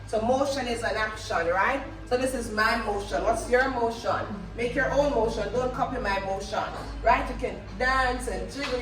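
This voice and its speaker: A woman teaching a lively phonics lesson to children, upbeat and coaxing call-and-response answers. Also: fairly high pitch. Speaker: reading teacher. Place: classroom. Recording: echoey classroom from far off.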